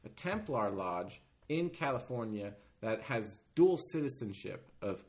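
A man's voice: on the low side, very animated, measured pace. Rambling, swearing man hosting a podcast. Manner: loose, profane, rambling. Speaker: podcast host. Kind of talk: casual podcast conversation.

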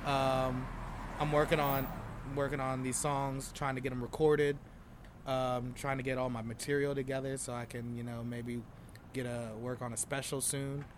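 A young man and stand-up comedian talking casually and reflectively, getting animated when he acts out scenes. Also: medium pitch, normal speed, a little hiss or hum. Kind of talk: casual chat.

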